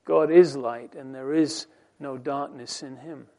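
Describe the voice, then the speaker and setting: A man preaching a sermon, quoting scripture slowly and deliberately, swinging between soft, dropped phrases and loud, emphatic rising lines. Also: medium pitch, fairly even intonation. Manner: slow, deliberate delivery with scripture quotes.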